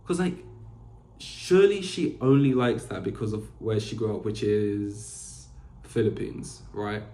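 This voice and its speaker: A man's voice: on the low side, unhurried, dark tone. A young man hosting a podcast alone, rambling casually with lots of fillers and restarts. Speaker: podcast host. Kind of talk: casual solo chat. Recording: echoey room.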